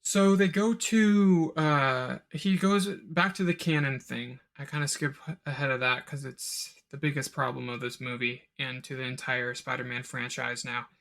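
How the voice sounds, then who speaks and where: A man's voice: fairly even intonation, gravelly, a bit bright. A man hosting a solo podcast and reviewing a film, rambling with asides and mimicking characters' lines. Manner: rambling, quick asides, mock-quotes characters in a higher voice. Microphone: home recording of a live stream.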